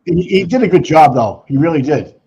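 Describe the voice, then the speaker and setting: A man with a Boston accent co-hosting a casual live stream, animated and prone to repeating words. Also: a little high, brisk, a crowd in the background. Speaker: co-host.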